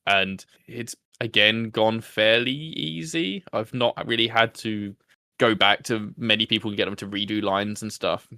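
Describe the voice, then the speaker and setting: Self-deprecating male podcast host, chatty, lowish pitch, very dry close sound. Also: measured pace, pushed and bright, no echo. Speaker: podcast host being interviewed. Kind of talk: casual chat.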